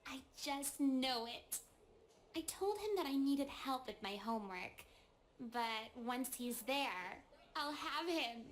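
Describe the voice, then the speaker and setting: A woman's voice: sits high, animated, takes it slowly, a little hiss or hum. A woman voicing a lovesick, scheming teenage girl animatronic chicken in a game cutscene, reading her diary in a dreamy, gushing way. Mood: obsessive.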